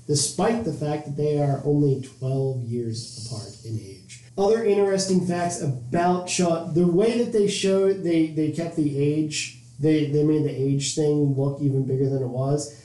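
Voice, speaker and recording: Man, podcast co-host, fairly high pitch, mellow, rambling casual chat, echoey room. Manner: rambling, restarts mid-sentence, jokey.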